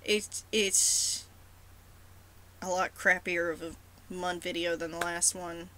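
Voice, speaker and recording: Slow, bright-voiced woman rambling casually. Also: on the low side, little pitch movement, rough recording. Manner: self-deprecating, rambling with many ums. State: sore throat. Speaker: roleplay blogger. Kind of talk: casual vlog talk.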